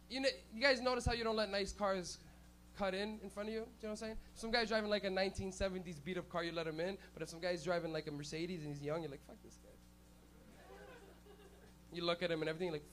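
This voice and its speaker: A man with a high voice works a club stage through a stage mic, hosting a stand-up night. He tells crude stories with lots of animation and breaks into loud shouted bits. He sounds like a comedian from Canada. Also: fairly even intonation, fast talker, slight background noise.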